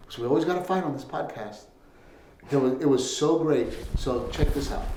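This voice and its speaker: A man co-hosting a casual podcast, his voice sitting a little high for a guy. He tells stories loosely, laughing often, swearing freely and quoting other people as he goes. The room rings a bit, like a bare home studio. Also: darkish tone, roomy sound. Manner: laughing, swearing storyteller, quotes his wife. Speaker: podcast co-host. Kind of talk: casual chat.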